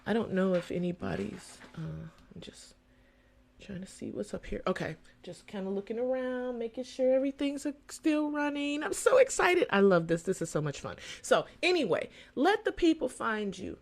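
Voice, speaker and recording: Animated woman podcaster coaching listeners. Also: moderate pace, creaky. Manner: animated, preachy, lively pitch swings with playful voices. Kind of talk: casual solo podcast talk.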